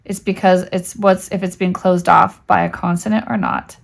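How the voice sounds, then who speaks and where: A woman's voice: fairly low pitch, level tone, normal speed, gravelly. A woman walking through spelling and syllable rules in a casual teaching voice, checking in often with "right?". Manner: chatty, explains step by step, asks "right?" often. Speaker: homeschool teacher.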